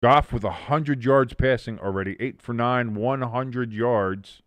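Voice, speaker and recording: A man hosts a live watch-along stream and calls each play himself, getting loud and animated when something big happens. His voice sits in an ordinary middle range. The sound is dry and close, with no room around it. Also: mid-range voice, measured pace, dry recording. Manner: animated, bursts of excitement on big plays; swears casually.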